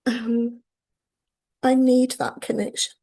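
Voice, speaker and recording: Woman in her sixties, session participant, gravelly voice, halting and emotional. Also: fairly high pitch, little pitch movement, warm tone. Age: 60s. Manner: hesitant, emotional, many ums. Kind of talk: personal sharing.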